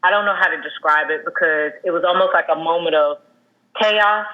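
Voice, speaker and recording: A woman's voice: on the low side, highs cut off. Earnest woman telling a personal story. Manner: earnest and halting, with many fillers and restarts. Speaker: guest sharing a personal loss story. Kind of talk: candid conversational storytelling.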